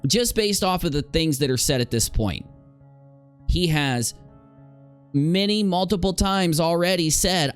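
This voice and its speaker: A man's voice: on the high side, animated, normal speed, faint music behind. A man giving casual, sarcastic commentary while reading messages aloud, often exasperated and laughing. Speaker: drama commentary YouTuber.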